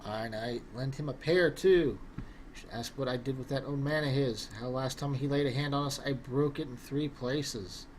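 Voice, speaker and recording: A man's voice: medium pitch, normal speed, slight background noise, natural voice. A man voicing a fierce female spirit who shares a wizard's body, speaking scornfully in old-fashioned phrasing.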